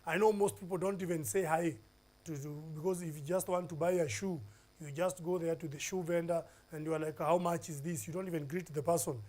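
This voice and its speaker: A man's voice: fairly high pitch, fairly even intonation, brisk, darkish tone. A man with a Kenyan accent teaching a televised English lesson, listing points one by one with fillers and emphasis.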